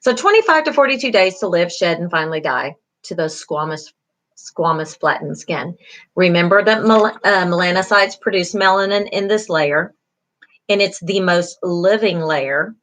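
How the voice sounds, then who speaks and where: A woman's voice: on the low side, expressive, moderate pace, fairly bright tone. A middle-aged woman, a beauty school instructor giving an online class lecture, encouraging, with many fillers, repeating key terms.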